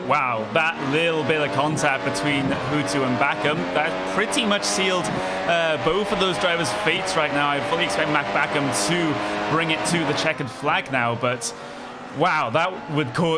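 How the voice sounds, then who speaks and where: A man reacting quickly as a race commentator to contact on track. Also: a little high, over loud music.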